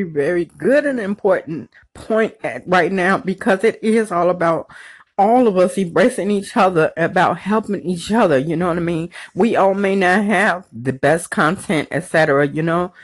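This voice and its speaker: A woman's voice: fairly low pitch, no room sound. Emotional, effusive woman caller. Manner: emotional, laughing, effusive, rambling. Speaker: caller leaving voice messages. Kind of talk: recorded voice message.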